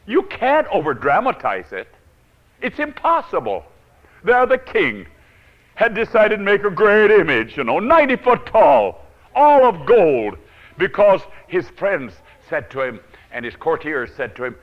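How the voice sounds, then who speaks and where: A male preacher telling a Bible story in a dramatic sermon, swinging from loud to hushed and chuckling often. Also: sits high, huge pitch swings, a little slow, lo-fi sound.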